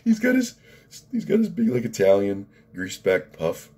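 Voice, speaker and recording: A man's voice: on the low side, huge pitch swings, moderate pace, a little mellow, husky. A man talking in a casual rambling vlog, profane and laughing at his own stories. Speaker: fitness vlogger and coach.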